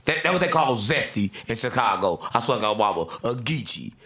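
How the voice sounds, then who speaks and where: Loud teasing man, fast and animated. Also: mid-range voice. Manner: loud, teasing, swings to shouting. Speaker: podcast host. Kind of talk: casual podcast banter.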